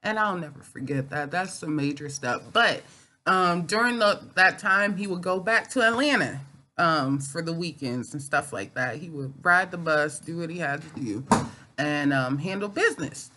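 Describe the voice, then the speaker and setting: A woman's voice: low-pitched, normal speed, sharp tone, slight background noise. A woman vlogger telling a personal story in a casual chat from home. She rambles and halts, with many fillers and restarts.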